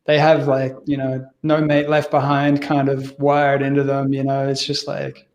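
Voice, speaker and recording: A man's voice: medium pitch, monotone, normal speed, darkish tone, dull audio. A man with an Australian accent, a podcast guest and company founder, chatting in an easygoing way with frequent laughs and slang. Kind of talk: casual podcast conversation.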